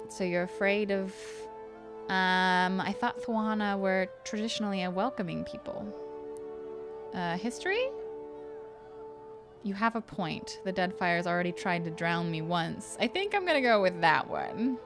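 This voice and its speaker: Gaming streamer: woman narrating game text, chatty asides, game music under. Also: mid-range voice. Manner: chatty, reacting between narrated passages. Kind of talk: let's-play, reading game text aloud.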